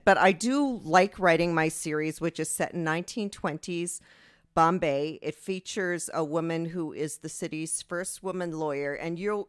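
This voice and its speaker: Woman reading from her mystery novel, low-ish voice that goes up and down a lot, chatty laughing intro. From Britain. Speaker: author reading aloud.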